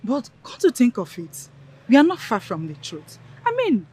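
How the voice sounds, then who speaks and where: A woman's voice: a little high, huge pitch swings, moderate pace, darkish tone, husky, full character voice. An actress with a Nigerian Pidgin accent playing a sly young village woman who teases and coaxes the others into a plot. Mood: amused. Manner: teasing, laughing, conspiratorial.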